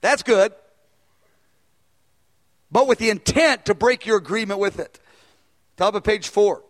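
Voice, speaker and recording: A man preaching a sermon and teaching a Bible study, animated, and acting out dialogue when he tells stories. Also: high-pitched, unhurried. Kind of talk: sermon with storytelling.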